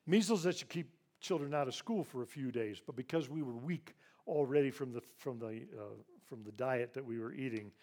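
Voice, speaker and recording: An older man in his sixties, raised in Ivory Coast, gives a heartfelt storytelling talk to a church crowd. His pitch sits in a middle range. His delivery is earnest, and he sinks to a soft, moved hush over the sad parts. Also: normal speed. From grew up in Ivory Coast. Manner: earnest, hushed and emotional when recounting loss. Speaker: charity president speaking to a church audience.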